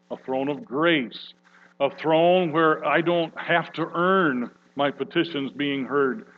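A man preaching a sermon, slow and earnest, building to loud emphatic peaks. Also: fairly high pitch. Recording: dull lo-fi recording with mains hum.

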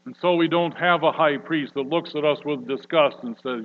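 A man preaching a sermon, slow and earnest, building to loud emphatic peaks. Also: medium pitch. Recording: dull lo-fi recording with mains hum.

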